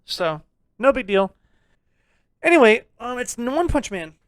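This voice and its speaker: Loud, swearing young man ranting. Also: extremely high pitch, sing-song, a little slow, no echo. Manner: loud, swearing, jokingly abrasive, breaks into laughs. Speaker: podcast co-host. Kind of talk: casual ranting review chat.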